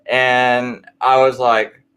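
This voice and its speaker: A man's voice: mid-range voice, little pitch movement, very slow, a bit bright, smooth. A man telling a personal conversion story in a casual late-night chat, rambling and full of fillers.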